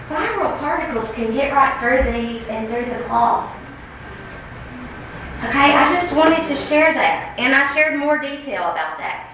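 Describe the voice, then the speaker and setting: A woman giving an earnest, insistent public comment at a school board meeting, often pausing to ask "okay?". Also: sits high, expressive, distant mic, noisy background. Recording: very echoey room heard from afar.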